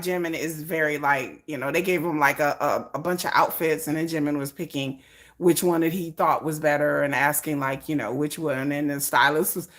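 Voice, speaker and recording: A woman's voice: low voice, a bit bright. A woman chatting casually as a vlogger, laughing often and acting out little scenes in playful voices. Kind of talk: casual chat.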